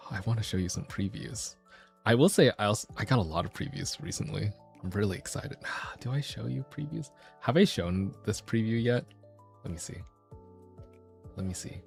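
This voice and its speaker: A man streaming as a VTuber, talking in a casual, rambling and animated way. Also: fairly low pitch, normal speed, gravelly, faint music behind. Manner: animated, rambling, self-deprecating.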